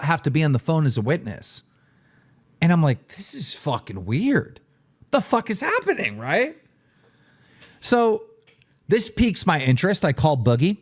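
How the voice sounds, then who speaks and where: A man on a podcast telling a story with lots of swearing, acting out what others said. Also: on the high side. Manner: excitable, swearing, acts out quotes. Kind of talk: animated storytelling with profanity.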